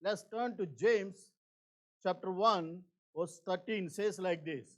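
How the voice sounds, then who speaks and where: A man preaching a church sermon in an earnest, repetitive way, with many fillers, swinging between emphatic and hushed. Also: high-pitched, slow. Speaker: pastor.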